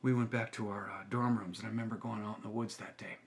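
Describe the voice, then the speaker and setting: A man's voice: on the low side, steady tone, fast talker. A middle-aged male teacher telling a personal story to camera in an earnest, reflective way.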